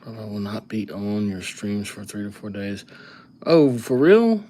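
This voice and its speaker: A man's voice: fairly low pitch, very animated, a little slow, mellow, slight background noise. A man hosting a live calligraphy stream, chatting casually and rambling as he thinks aloud between names. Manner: rambling, easygoing, thinks aloud while writing. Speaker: livestream calligraphy host.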